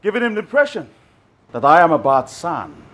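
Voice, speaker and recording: A man's voice: on the high side, big pitch swings, a little fast. An actor with a Nigerian accent playing a hot-headed young prince who resents his older brother, accusing and sneering. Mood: angry. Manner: accusing, sneering, shouts at times. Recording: film soundtrack with music under it.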